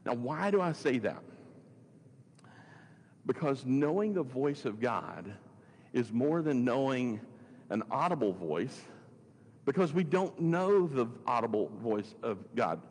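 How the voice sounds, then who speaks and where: A man preaching with a slightly husky, breathy voice that carries a long reverb, as if in a large hall. He is earnest and asks many rhetorical questions. He often stops and restarts his phrases. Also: mid-range voice, very animated, takes it slowly, long pauses, darkish tone. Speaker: pastor. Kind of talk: sermon podcast teaching.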